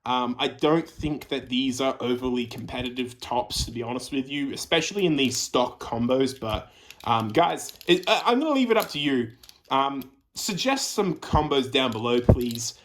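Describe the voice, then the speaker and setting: A man's voice: medium pitch, expressive, normal speed, fairly bright tone. A man from Australia hosting his own channel, giving a chatty toy review full of fillers and restarts. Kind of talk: casual review commentary. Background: background music.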